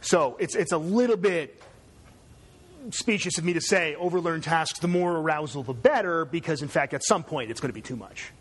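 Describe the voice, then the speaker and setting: A man's voice: on the high side, moderate pace, husky. A man from Canada giving a conversational university lecture, digressive and checking in with "right?".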